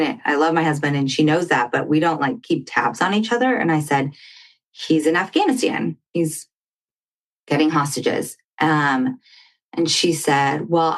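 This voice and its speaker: A woman guest on a talk show, telling a personal story in conversation and acting out what others said. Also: sits low. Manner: animated storytelling, acting out quoted dialogue. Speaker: podcast guest.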